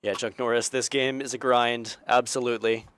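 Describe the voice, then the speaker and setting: Young male caster, solo play-by-play, energetic, average pitch, loud game gunfire behind. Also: normal speed, slight background noise. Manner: energetic, voice climbing on big plays. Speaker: esports caster. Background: game sound effects and gunfire.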